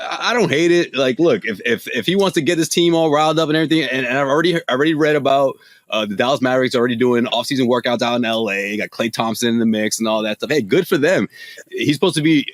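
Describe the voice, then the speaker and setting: Male podcast host, mid pitch, dry close sound, loose chatty delivery. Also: quick pace, dry recording. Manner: hesitant, conversational, many restarts. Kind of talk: casual sports chat.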